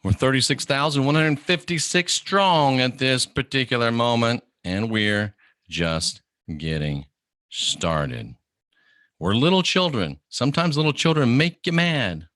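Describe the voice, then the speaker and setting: A middle-aged man hosting a livestream, delivering an animated, preachy monologue and mimicking the people he quotes. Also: medium pitch, unhurried, dry recording, studio quality. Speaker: host of an online channel.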